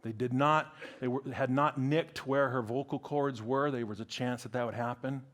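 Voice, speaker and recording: A middle-aged man preaching a sermon, animated and acting out dialogue in different voices. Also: moderate pace. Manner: animated, acts out dialogue with big pitch swings.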